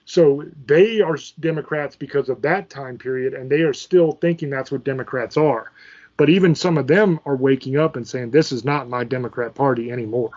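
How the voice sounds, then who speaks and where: Combative man ranting on his channel, cursing freely, slightly high voice, muffled lo-fi sound. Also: moderate pace, darkish tone. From Virginia, USA. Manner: angry, profane, combative. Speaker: channel host. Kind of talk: ranting political commentary.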